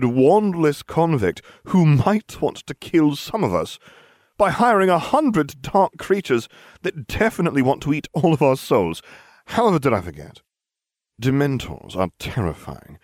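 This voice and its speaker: A man's voice: fairly high pitch, very animated, measured pace, no echo, studio quality, voice pushed up. A man voicing a smug, scheming teenage wizard with a sardonic, condescending manner.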